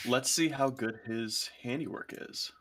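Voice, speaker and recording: A man narrating as game master, playful and animated. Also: mid-range voice, a little slow.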